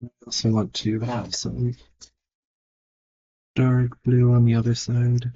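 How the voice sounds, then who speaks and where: A man's voice: medium pitch, flat delivery, slow, dark tone, husky, muffled recording. A man thinking aloud and judging his own work as he draws, in casual narration. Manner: muttered, self-critical thinking aloud. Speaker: digital artist. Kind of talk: casual narration while drawing.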